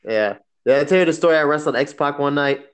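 A man's voice: fairly high pitch, fairly quick, smooth. A man co-hosting a casual chat, telling stories with frequent laughter. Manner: laughing often, animated storytelling.

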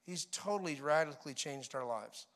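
A middle-aged male preacher giving a sermon, telling animated stories and mimicking people's laughter. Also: a little high, normal speed.

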